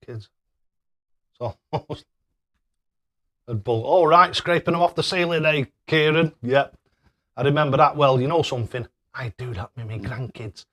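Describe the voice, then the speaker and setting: On his darts livestream, an older man reads out viewer chat in a relaxed way, laughing frequently and tripping over hard names. He speaks at a medium pitch and a measured pace, pausing often, with a slightly bright sound.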